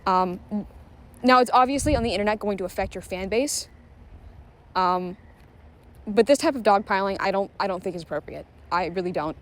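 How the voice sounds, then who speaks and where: A woman's voice: medium pitch, normal speed, pauses often. A woman giving casual online commentary, talking frankly with lots of fillers and swearing. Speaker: commentary YouTuber.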